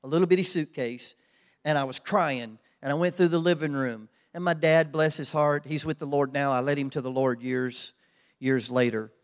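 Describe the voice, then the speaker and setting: A man's voice: a little high, steady tone, normal speed, in a large hall. An older man with an Oklahoma accent, preaching a fervent sermon as pastor, repeating his phrases. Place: church sanctuary.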